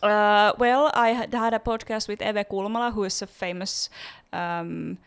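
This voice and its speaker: Slow, giggly woman co-host. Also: mid-range voice, steady tone, smooth. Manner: giggly, easygoing, drawn-out speech. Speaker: podcast co-host. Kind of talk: casual podcast chat.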